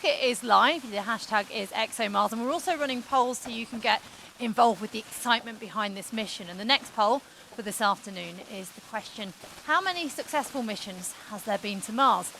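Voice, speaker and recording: Woman, live broadcast presenter, upbeat, chatty, fairly high voice, faint hiss. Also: sharp tone, low-quality recording. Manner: upbeat, chatty, guiding viewers on a walk-through. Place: busy mission-control building, indoors.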